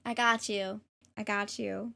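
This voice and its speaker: A woman's voice: mid-range voice, level tone, unhurried, gravelly, background noise. A woman streamer and tarot reader chatting casually on a livestream, reading chat aloud and thanking viewers in a bubbly way, at times trying a playful English accent. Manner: jokingly puts on an English accent.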